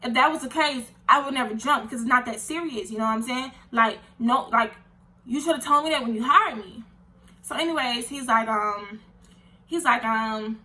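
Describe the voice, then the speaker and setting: A young woman tells a storytime vlog in a very bright, slightly high voice. She talks with animated indignation and lots of slang. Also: normal speed. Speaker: vlogger.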